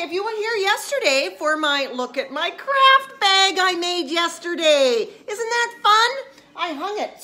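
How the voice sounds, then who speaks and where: A woman chatting casually on a live stream as she crafts, self-mocking and chatty, with excited squeals of delight. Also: high-pitched.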